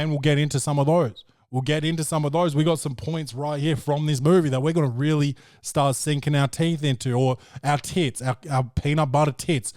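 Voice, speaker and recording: A man's voice: a little high, darkish tone, no room sound, clean studio sound. A man hosting a podcast, recapping a film in a brash, profane and joking way. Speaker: podcast host. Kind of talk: casual film review chat.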